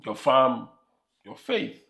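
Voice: mid-range voice, big pitch swings, slow pace, a bit bright. A preacher with a Nigerian accent delivering an emphatic sermon and repeating phrases for emphasis.

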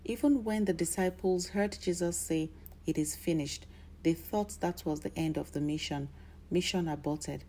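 Low-voiced woman preaching a sermon. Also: moderate pace, warm tone. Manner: declarative preaching with rising emphatic bursts.

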